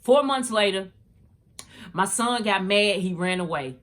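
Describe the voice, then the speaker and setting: Speaking at a measured pace in a medium-pitched voice, a middle-aged podcast host tells her own faith story. She's animated and slangy, keeps it casual, and addresses her audience directly as "y'all."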